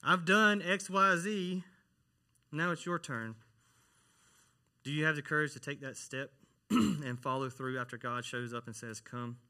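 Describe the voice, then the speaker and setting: Man, church worship minister, conversational sermon, asks the congregation questions, very bright tone. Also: on the high side, a little slow, pauses often.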